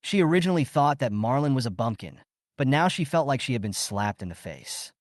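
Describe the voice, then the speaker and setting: A man reading a story recap as scripted narration, in a lively storytelling way. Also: medium pitch, fairly quick, dry recording, studio quality.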